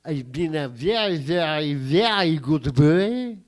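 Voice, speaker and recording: A man voicing an aggrieved French man recalling his boyhood, with a put-on French accent and deadpan, indignant delivery in a standup bit. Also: a little high, takes it slowly. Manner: indignant, deadpan storytelling with profane punchlines.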